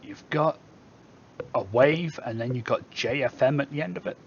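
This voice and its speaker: A man's voice: medium pitch, moderate pace, gravelly, lo-fi sound, slight background noise. A man with a Somerset English accent, hosting a casual live stream where he reads viewer comments aloud and jokes back at them. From England.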